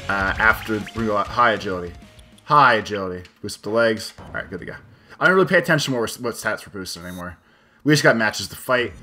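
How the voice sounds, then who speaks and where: Bright-voiced man, rambling game commentary. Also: on the low side, animated, fast, soft background music. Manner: rambling and profane, thinking aloud. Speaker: let's play host. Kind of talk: casual commentary while gaming.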